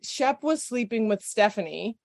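Animated woman telling a story, dry sound. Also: on the high side, normal speed, gravelly, no echo. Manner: animated storyteller, swears and laughs often. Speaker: podcast guest. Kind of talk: casual storytelling chat.

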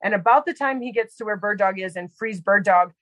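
A woman on a podcast tells a story in a loose, chatty way, leaning on "like" and small fillers as she goes. Her voice sits at a middle pitch. The sound is dry and close, with no room echo. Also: brisk, a bit bright. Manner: chatty, heavy use of "like" and fillers. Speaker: podcast guest; medical provider. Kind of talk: casual storytelling.

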